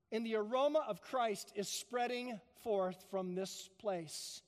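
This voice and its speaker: A pastor preaching a sermon in a church, emphatic, building to loud peaks and then dropping soft. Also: male voice, extremely high pitch, moderate pace, few pauses, long reverb tail. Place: church sanctuary.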